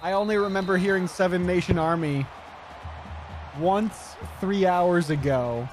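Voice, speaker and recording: A man's voice: high-pitched, a little slow, soft background music. A man streaming live, chatting casually, rambling and swearing as he answers his chat.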